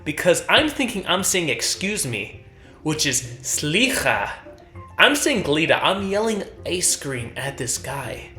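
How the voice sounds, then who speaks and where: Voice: mid-range voice, big pitch swings, slow pace, sharp tone, roomy sound, faint music behind. A stand-up comedian doing a comedy rant, acting out his relatives in raised voices. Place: college event stage.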